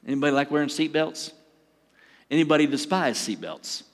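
An older pastor preaches in a chatty, storytelling way, now and then acting out his own asides. His voice sits high for a man. It carries the long reverb of a church hall. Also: animated, a little fast. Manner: conversational preaching with acted asides and chuckles. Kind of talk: sermon. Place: church sanctuary.

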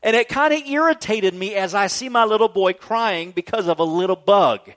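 A man in his thirties preaching a sermon as a pastor, earnest, swinging from loud urging to soft, tender tones. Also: high voice, normal speed. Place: church grounds.

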